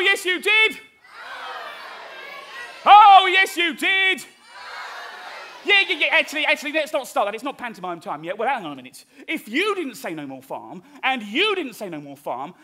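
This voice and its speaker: An excitable, bright-voiced farmer. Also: male voice, very high voice, slight background noise, heavily acted. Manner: animated, exclamatory, talks to the audience. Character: cheerful excitable male farmer. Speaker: stage show presenter. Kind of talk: live children's stage show.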